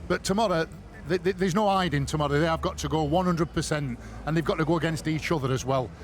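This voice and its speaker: Man, sports pundit, animated, emphatic, slightly high-pitched. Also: fast, a little hiss or hum. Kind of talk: studio punditry.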